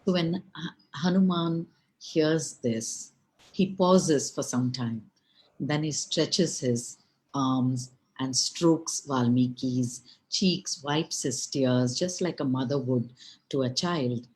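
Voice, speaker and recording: A woman storyteller telling a folk tale in an unhurried, expressive way, with asides to her listeners. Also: a bass voice, rough recording.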